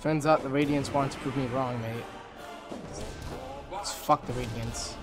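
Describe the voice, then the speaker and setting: A young man commentating while playing a video game, excitable and swearing, swinging between low mutters and loud outbursts. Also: measured pace, music in the background. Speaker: gaming video creator. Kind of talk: let's play commentary.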